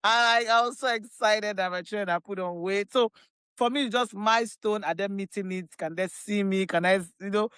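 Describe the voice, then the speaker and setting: A woman with a Nigerian accent, a podcast guest, telling her story in an animated, emphatic way and often repeating phrases. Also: mid-range voice, moderate pace, clean tone, no echo. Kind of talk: casual chat.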